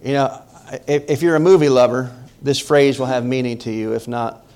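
A man's voice: mid-range voice, normal speed, darkish tone, clear, resonant tone. A middle-aged male pastor from the northern United States, preaching a conversational sermon and often asking the congregation questions. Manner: emphatic, talks directly to the congregation with questions.

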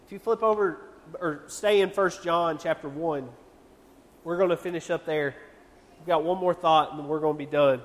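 A young youth pastor with a voice on the high side preaches a sermon to a youth group in a church hall at a moderate pace. He's earnest and conversational, firing off rhetorical questions, and the hall adds long reverb.

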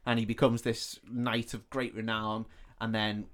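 A man on a podcast, casually retelling a film plot with swearing and quick voiced-out lines for each character. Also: lowish voice, little pitch movement, a bit bright. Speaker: podcast co-host.

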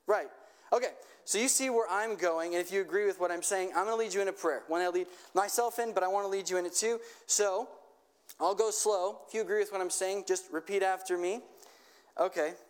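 A man's voice: sits high, steady tone, fairly quick, clean tone. A man preaching a sermon in a conversational way, checking in with his listeners and leading them in a prayer. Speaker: pastor.

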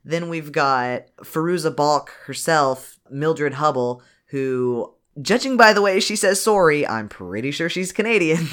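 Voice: mid-range voice, lively intonation, unhurried, hardly any pauses, fairly bright tone. A podcast co-host recapping a movie in casual, joking chat, swearing freely and acting out characters' lines.

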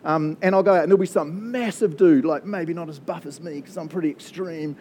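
A man's voice: on the high side, fairly quick, mellow, a little hiss or hum. A man with a New Zealand accent preaching a casual, conversational sermon, chatty and joking, often laughing at his own asides. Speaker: pastor.

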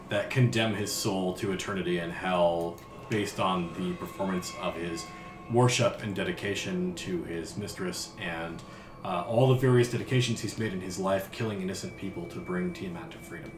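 A man working as game master, narrating a tabletop game in a descriptive, unhurried way with filler words. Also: sits low. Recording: roomy echo with faint music.

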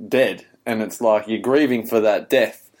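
A man's voice: fairly low pitch, unhurried, darkish tone. A man, co-hosting a podcast, who thinks aloud in long, reflective sentences. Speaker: podcast co-host. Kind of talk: casual chat.

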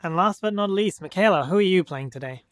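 A game master introducing the players one by one, in a brisk, upbeat way. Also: medium pitch, lively intonation, no room sound, studio quality. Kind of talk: hosting a tabletop game.

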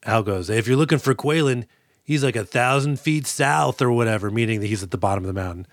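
A man's voice: mid-range voice, fast, dry recording, clean studio sound. A man co-hosting a casual podcast, joking around and acting out movie lines. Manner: jokey, acts out movie quotes with laughs. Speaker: podcast co-host. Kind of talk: casual chat.

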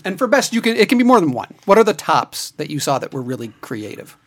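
A man's voice: on the high side, very animated, fast. A man co-hosting a casual chat, asking brief questions and interjecting. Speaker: podcast co-host asking questions.

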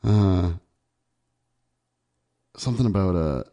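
Low-voiced man, mellow tone, casual podcast chat, quick to laugh. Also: expressive. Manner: laughs easily, loose and chatty. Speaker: podcast co-host.

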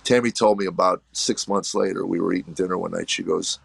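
Gravelly low-voiced middle-aged man. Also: fairly even intonation, dry recording. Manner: earnest, reflective, halting with restarts. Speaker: comedian guest. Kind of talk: candid personal storytelling.

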